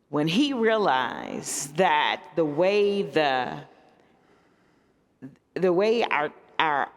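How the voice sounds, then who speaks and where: A woman pastor speaking on a discussion panel, telling stories with emphatic swings in her voice. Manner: animated storyteller with emphatic pitch swings. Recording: echoey church hall.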